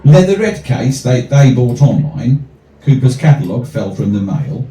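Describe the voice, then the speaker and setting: A man reads his comic rhyming poetry to a small cafe crowd, moving from verse to dry, deadpan asides. His voice is dark and mellow but swings lively in pitch. The recording sounds roomy and distant, picked up from well back across the venue. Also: moderate pace. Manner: wry, deadpan asides between rhyming poems. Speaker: performance poet. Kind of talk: live comic poetry reading.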